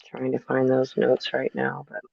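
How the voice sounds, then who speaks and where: A woman co-hosting a casual chat, speaking in a measured, careful way and correcting details with hesitant fillers. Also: a bass voice, monotone, creaky, warm tone, husky. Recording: dull lo-fi sound.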